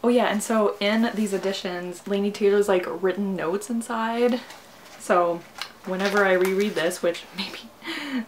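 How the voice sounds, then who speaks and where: A woman's voice: medium pitch, moderate pace, background noise. A young woman vlogging a book unboxing, gushing and giggling, repeating exclamations and sometimes dropping almost to a whisper. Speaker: booktuber. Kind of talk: excited unboxing vlog.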